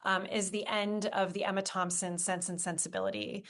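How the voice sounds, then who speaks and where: A woman's voice: mid-range voice, fairly even intonation, a bit bright. Enthusiastic woman screenwriter guest. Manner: enthusiastic, gushing, quick asides. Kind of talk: casual interview chat.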